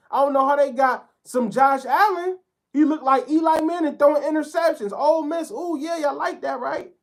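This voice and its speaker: A man giving a heated sports commentary rant, talking bluntly in profane slang. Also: extremely high pitch.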